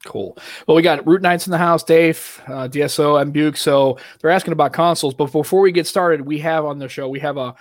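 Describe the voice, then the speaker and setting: Man, podcast co-host, casual rambling chat, slightly high voice, dry close sound. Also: fairly quick, dry recording. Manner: rambling, chatty, lots of fillers and restarts.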